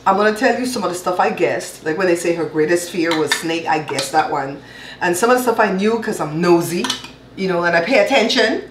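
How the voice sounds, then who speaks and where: A woman's voice: fairly low pitch, expressive, fairly quick, noisy background. A woman from Belize in her fifties hosting a home cooking show, chatting and teasing with a playful laugh. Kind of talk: casual kitchen chat. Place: home kitchen. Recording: echoey kitchen room.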